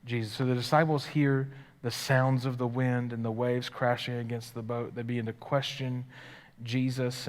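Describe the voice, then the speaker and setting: Dynamic male pastor preaching in a reverberant hall. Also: mid-range voice. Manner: dynamic preaching, swings from loud and excited to hushed and quiet. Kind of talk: live sermon. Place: church sanctuary. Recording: live church hall with long reverb.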